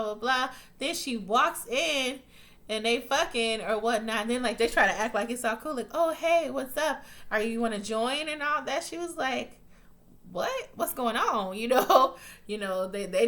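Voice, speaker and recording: A woman's voice: fairly high pitch, fairly bright tone. A woman giving a casual, profane recap of a TV episode, talking bluntly and acting out the characters' lines. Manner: profane, blunt, chatty, acts out quotes. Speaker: TV recap vlogger.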